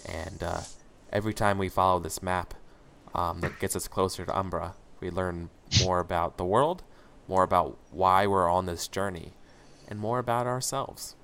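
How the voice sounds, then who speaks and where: A man's voice: sits low, normal speed, vocal fry, a bit bright, clean tone. A man from Washington State introducing a story game in a casual, rambling way. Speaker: player.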